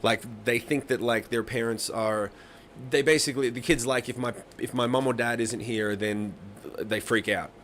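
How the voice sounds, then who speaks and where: A man's voice: mid-range voice, normal speed, a little hiss or hum. A man, telling stories in a casual live-stream chat and acting out the voices of the people in them. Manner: animated storyteller, swears a lot, acts out voices. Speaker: host of a live songwriting stream.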